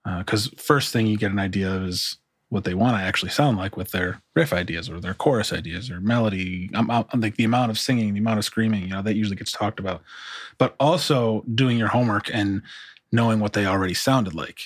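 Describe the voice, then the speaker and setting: Male producer, lowish voice, casual and rambling, dry close sound. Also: brisk, husky, no room sound. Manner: relaxed, rambling, many restarts and fillers. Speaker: music producer. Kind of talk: casual interview talk.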